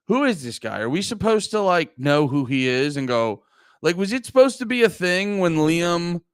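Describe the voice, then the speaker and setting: A man's voice: fairly high pitch, fairly bright tone, clear, resonant tone, no echo, studio quality. A man streaming live, chatting casually and brashly teasing his viewers, swearing often. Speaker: livestreamer. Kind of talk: casual livestream chat. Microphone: close desk mic.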